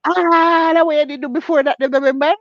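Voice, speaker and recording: A woman's voice: sits high, fairly even intonation, fairly quick, no echo. A woman from Jamaica with a Jamaican accent, talking emphatically in a casual chat, repeating herself and laughing often. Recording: dull lo-fi, dry.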